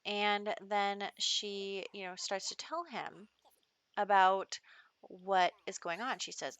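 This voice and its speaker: A woman's voice: mid-range voice, level tone, unhurried, a bit bright. A woman hosting a gaming channel, narrating a life-sim storyline in a chatty way, with lots of fillers. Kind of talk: let's play narration.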